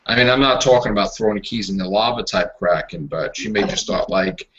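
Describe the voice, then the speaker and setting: A man co-hosting a casual fan podcast chat, animated and acting out scenes in little voices. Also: on the low side, brisk. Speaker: podcast co-host. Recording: lo-fi home podcast audio, audible noise.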